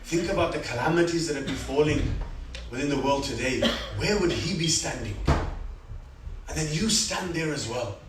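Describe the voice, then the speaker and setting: A man with a fairly high voice delivers a sermon, telling stories with surging dramatic passages and hushed reflective ones. He is heard from some distance in a reverberant hall, with a faint hum of room ambience behind him. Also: animated, moderate pace. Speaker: speaker at a religious gathering. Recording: echoey hall, speaker far from mic, faint room noise.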